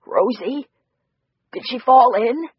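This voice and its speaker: A big, gruff man with a raspy, breathy voice, as an audiobook narrator puts him on. He talks simply and earnestly, pleading at times. The recording is dry and a little muffled. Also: extremely high pitch, takes it slowly, no echo, voice pushed up, exaggerated voice.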